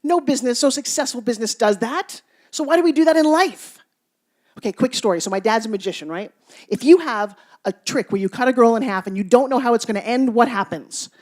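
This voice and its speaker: Woman, motivational stage speaker, playful and teasing, animated, loud bursts and hushed asides. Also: fairly high pitch, brisk. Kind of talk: stage speech to a live audience.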